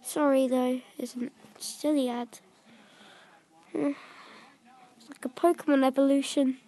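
High-voiced woman chatting over a video game, slow, dark mellow tone, trips over names and whispers a lot. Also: fairly even intonation. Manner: drops into soft whispers, stumbles over names. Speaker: gaming video creator. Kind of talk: casual commentary over gameplay.

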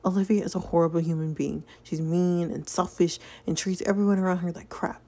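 A woman's voice: on the low side, fairly even intonation, fairly quick, mellow. A woman voicing an earnest young man in a story game, speaking frankly and confronting an adult.

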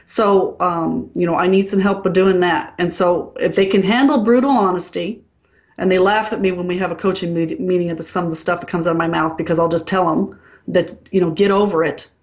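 A woman's voice: on the low side, steady tone, fairly quick, darkish tone. A woman working as a dental consultant, speaking frankly and bluntly in a casual interview.

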